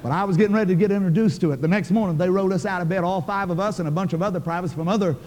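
An older man preaches in a brisk, high-pitched voice. He tells his story in a folksy, emphatic way, and his words ring out in a large, echoing hall. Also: a little mellow, a little hiss or hum. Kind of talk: sermon storytelling.

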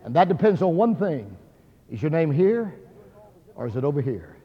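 A man's voice: fairly high pitch, sing-song, moderate pace, breathy edge. A man preaching a sermon, telling a story in an earnest, dramatic way. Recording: dull sound, hall reverb.

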